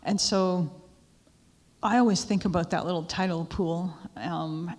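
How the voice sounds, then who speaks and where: A woman's voice: on the low side, fairly even intonation, a little slow, darkish tone. A woman giving a talk to a live audience, telling stories in a conversational way with asides to the listeners. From Canada. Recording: echoey hall with long reverb.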